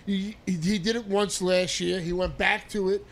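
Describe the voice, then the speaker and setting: A man in casual sports talk, measured and firm in his opinions. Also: sits high, fairly even intonation.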